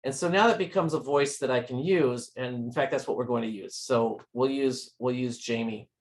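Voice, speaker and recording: A man's voice: medium pitch, moderate pace. Give me a man presenting a live tech demo, friendly and explaining each step. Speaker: guest presenter at a user group meeting.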